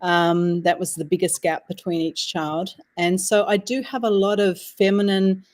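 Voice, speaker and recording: An Australian woman in her sixties, telling a personal story as a podcast guest in a measured, reflective way. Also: on the low side, fairly even intonation, a little mellow. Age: 60s. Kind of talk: casual interview storytelling.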